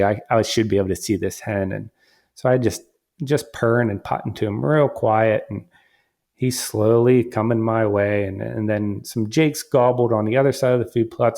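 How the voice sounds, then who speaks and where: A hunter and father casually telling a story about a hunt, animated and full of quoted dialogue and restarts. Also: fairly low pitch. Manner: animated, quotes himself and others, frequent restarts.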